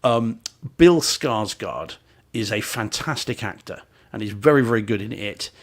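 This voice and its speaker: A man's voice: on the low side, expressive, unhurried. Man chatting on a podcast. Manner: opinionated, jokey, frequent restarts. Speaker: podcast co-host. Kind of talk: casual podcast chat.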